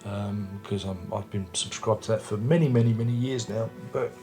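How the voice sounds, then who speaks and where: A music review vlogger sits in a room at home with a record player and speakers, casually chatting about an album. His voice is on the low side and warm, with fairly even intonation and a normal speed. He rambles and restarts often, and soft music plays in the background.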